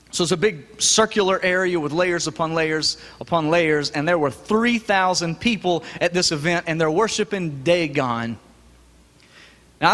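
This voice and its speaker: Preacher, male; folksy and lively, pitched high, church reverb. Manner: lively, folksy, joking with the congregation. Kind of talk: sermon. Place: church sanctuary. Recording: echoey church hall.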